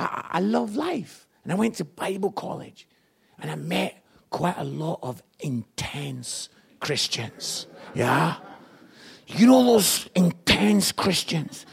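A Scottish man preaching an evangelistic sermon, energetic and jokey with loud outbursts. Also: high-pitched, creaky, breathy edge. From Scotland.

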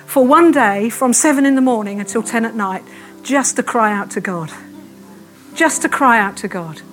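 A woman's voice: on the high side, fairly bright tone. Fervent woman preaching, music behind. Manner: fervent, quick preaching with repeated cries. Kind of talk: sermon. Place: church.

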